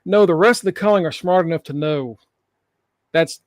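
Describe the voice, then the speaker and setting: A man with a high voice co-hosts a wrestling podcast, joking and cursing as he recaps the show. He acts out the wrestlers' lines in quotes. The sound is close and dry, with no room around it. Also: moderate pace, dry recording. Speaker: podcast co-host. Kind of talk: casual wrestling chat.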